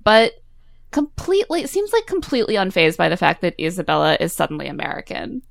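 A woman's voice: lowish voice, wildly swooping pitch, fairly quick, creaky, no echo. Dry-voiced woman recapping a movie. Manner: recaps the plot with quoted asides, laughing often. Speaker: podcast co-host. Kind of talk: casual movie recap chat.

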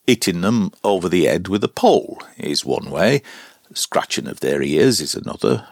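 A man reading aloud as an elderly zookeeper, in a rough old-fashioned country dialect. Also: deep voice, very animated, normal speed, no room sound, studio quality, exaggerated voice. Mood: chatty.

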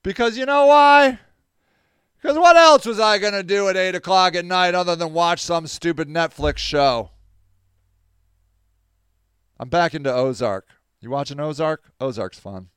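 Animated high-voiced man telling stories. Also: measured pace, pauses often, clean tone, dry recording, clean studio sound. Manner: animated, acts out quoted voices, laughs often. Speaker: podcast host. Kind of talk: casual storytelling monologue.

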